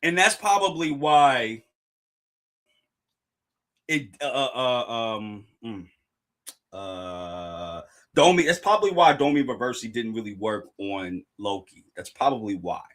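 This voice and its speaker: An excitable man hosts a live reaction stream, talking in slangy bursts and repeating his lines. His voice is bright and sharp, and his pitch swings widely. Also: slow. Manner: reads dialogue aloud in a dramatic low voice.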